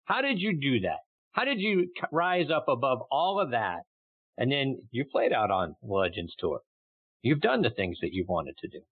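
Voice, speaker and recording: A man's voice: mid-range voice, big pitch swings, moderate pace, breathy edge, dry recording. A male podcast host works his way to each question, circling and padding with fillers. His voice is thin and band-limited, like a phone call, and dry with no room sound. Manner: rambling questions full of "you know". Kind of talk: interview questions. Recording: tinny phone-like line, dry.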